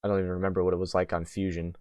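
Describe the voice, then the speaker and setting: A young man chats on a gaming podcast in a loose, rambling way, padding his thoughts with fillers and restarts. His voice sits a little low and sounds smooth and clean. The close mic gives a dry sound with no room in it. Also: little pitch movement, rapid-fire, a little mellow, no echo. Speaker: podcast host. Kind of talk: casual podcast chat.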